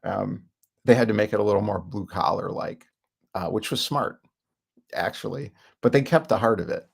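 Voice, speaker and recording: A man's voice: on the low side, normal speed. A middle-aged man giving a rambling self-help talk, full of fillers and frequent chuckles. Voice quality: gravelly, husky.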